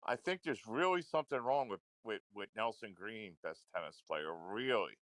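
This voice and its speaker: A man's voice: on the low side, lively intonation, moderate pace, a bit bright, no room sound. A man ranting into a livestream, confrontational and repetitive, swearing often. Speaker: livestream commentator.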